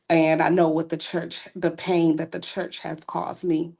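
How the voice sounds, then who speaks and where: A woman with a lowish voice appears as a podcast guest, candidly recounting her personal faith testimony. She tells it earnestly, as a story, slipping in casual asides.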